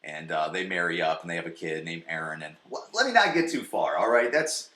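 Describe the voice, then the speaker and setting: A man's voice: sits low, sing-song, brisk, sharp tone, roomy sound. Profane rambling man in his forties. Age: 40s. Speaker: podcast host. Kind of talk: casual solo recap. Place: home basement.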